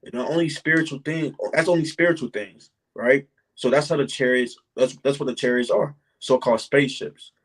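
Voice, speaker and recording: A man with a mid-range voice takes part in an informal bible study. He reads verses slowly and with care. Then he explains them in easy, casual speech. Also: medium pitch, fairly even intonation, poor audio.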